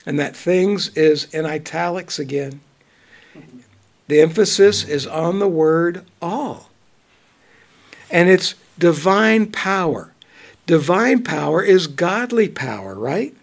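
Gravelly, high-voiced man teaching scripture. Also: expressive. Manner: reads scripture slowly, then comments conversationally with chuckles. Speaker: preacher. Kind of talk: bible teaching.

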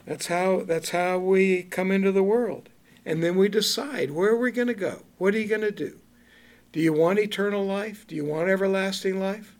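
A man's voice: high voice, moderate pace, darkish tone. A man teaching the Bible to a small group in an informal, conversational way, reading King James verses aloud and asking the listeners questions. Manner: conversational, asks the group questions and laughs often; reads scripture aloud in King James wording.

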